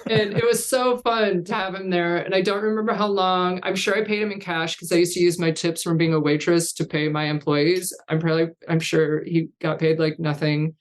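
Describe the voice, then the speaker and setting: A woman's voice: on the low side, brisk. A woman in her fifties, a guest in an interview, telling long rambling anecdotes in casual chat and laughing often. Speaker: guest, artist coach.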